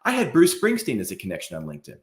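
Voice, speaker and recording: A man's voice: medium pitch, huge pitch swings, racing, echoey room. A man co-hosting a podcast in casual chat, talking emphatically and asking rhetorical questions. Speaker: podcast co-host.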